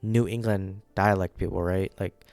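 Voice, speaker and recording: A man's voice: sits low, fairly even intonation, normal speed, a little mellow, clean tone, no echo. A man giving casual, rambling commentary on a manga during a live reading, often checking in with the audience. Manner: rambling, keeps checking in with "right?".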